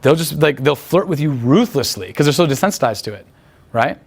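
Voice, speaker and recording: A man with a fairly high voice rattles off crude, boastful stories at a quick clip. He rambles from one point to the next and swears freely, as a guest in a loose, casual interview. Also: expressive, creaky, breathy edge. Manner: crude, profane, rambling storytelling. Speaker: guest talking about picking up women.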